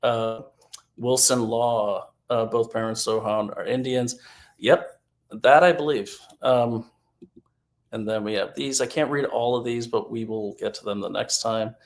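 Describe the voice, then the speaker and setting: A middle-aged man from Maine co-hosting a casual talk show, easygoing and halting, reading out viewer names with many fillers. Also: mid-range voice, steady tone. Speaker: co-host. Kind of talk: casual chat.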